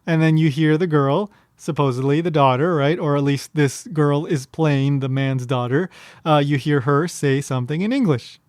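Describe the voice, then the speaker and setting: A man hosts a podcast in casual commentary. His voice sits a touch high, and the sound is dry and close with no room around it. He rambles through fillers and restarts with a wry, amused tone. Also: moderate pace, a little mellow, dry recording. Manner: wry, amused, breaks into chuckles. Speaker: podcast host.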